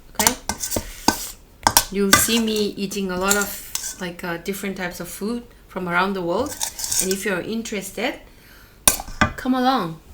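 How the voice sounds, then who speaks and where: A woman's voice: mid-range voice, noisy background. A woman from Northeast India, a food vlogger chatting casually while she cooks and eats, who often ends lines with "okay?". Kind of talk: casual cooking and mukbang chat.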